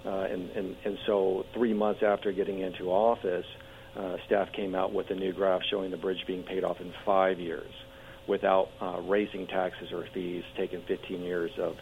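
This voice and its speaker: A man running for local office, talking eagerly in a radio interview, hoarse and losing his voice, with frequent restarts and fillers. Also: low-pitched, flat delivery, normal speed. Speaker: political candidate guest. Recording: tinny phone line with faint hum.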